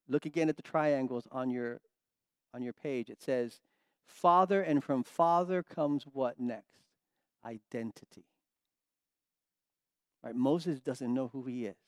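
A man teaching a Bible study, animated and emphatic, dropping to quiet asides between loud stressed points. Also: mid-range voice, no echo, clean studio sound.

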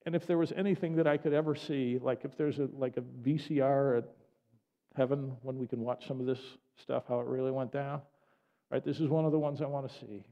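A man delivering a sermon in an animated, conversational storytelling way with frequent asides. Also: medium pitch, a little fast. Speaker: preacher. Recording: dull lo-fi audio with long hall reverb.

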